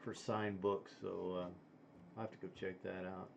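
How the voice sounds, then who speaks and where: Low-voiced man rambling on a stream. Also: little pitch movement, gravelly, lo-fi sound, slight background noise. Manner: rambling, halting with many fillers. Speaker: stream host. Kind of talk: casual chat.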